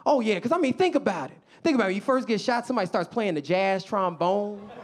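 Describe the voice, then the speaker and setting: A man's voice: high-pitched, expressive, quick pace, a little hiss or hum. A young man from the south side of Chicago doing a stand-up comedy set on a club stage, acting out characters in funny voices. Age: young adult. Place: comedy club stage before a live audience.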